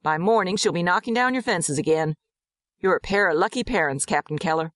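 A woman doing a brisk joking country doctor. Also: fairly low pitch, fairly bright tone, no room sound, studio quality, natural voice. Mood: hearty. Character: blunt middle-aged male country doctor.

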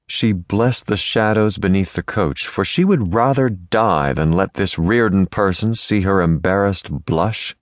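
A man narrating a Western romance audiobook with lively, expressive storytelling. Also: deep voice, measured pace, few pauses, no room sound, clean studio sound. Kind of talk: scripted narration.

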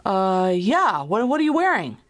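A woman's voice: medium pitch, big pitch swings, voice pushed up, close to an everyday voice. A woman voicing a flustered male prank caller who stammers and hesitates. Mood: eager. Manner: stammering, halting.

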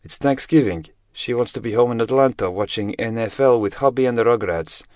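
A man's voice: on the low side, racing, a little mellow, no echo, studio quality, close to an everyday voice. A man playing a grudging, contemptuous male handler who talks through an earpiece.

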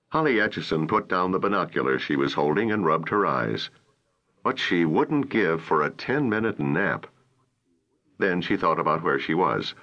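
A man narrating a children's audiobook with expressive storytelling, on a muffled lo-fi recording. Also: deep voice.

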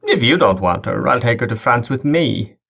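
A man's voice: medium pitch, animated, normal speed, gravelly, a bit bright, breathy edge, exaggerated voice. A man voicing a menacing, contemptuous nobleman who mocks and sneers. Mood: mocking. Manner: mocking, contemptuous. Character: sneering, menacing older male marquess.

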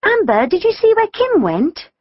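A worried, alert schoolgirl, as a woman narrator plays her, high-pitched and urgent, her voice pitched well above the narration. Dry, slightly dull studio sound. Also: big pitch swings, normal speed, no echo. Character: concerned, alert schoolgirl sister.

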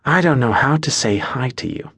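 A man's voice: mid-range voice, lively intonation, normal speed, fairly bright tone, husky, no room sound, clean studio sound. A man voicing a tough young warrior woman in an audiobook, speaking tersely and with a scolding edge. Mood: guarded.

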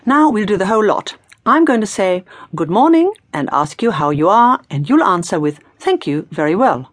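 A woman's voice: mid-range voice, sing-song, moderate pace, no room sound, clean studio sound. A woman teaching in a scripted audiobook lesson, prompting the learner in an encouraging, playful way. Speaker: language teacher.

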